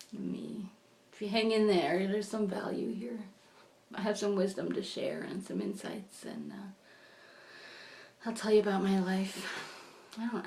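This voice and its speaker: A middle-aged woman chatting at home in a rambling personal vlog, meandering from thought to thought and sometimes dropping to a whisper. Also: mid-range voice. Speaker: vlogger. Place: her home. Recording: echoey room.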